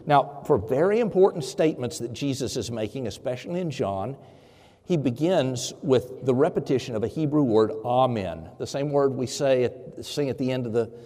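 A man's voice: mid-range voice, warm tone, in a large hall. A man preaching a conversational sermon as pastor, with many fillers and restarts.

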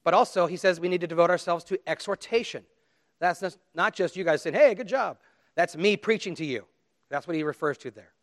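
A middle-aged man preaching a sermon as pastor, earnest and pleading, swinging between loud emphasis and quiet appeals. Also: a little high, a little fast.

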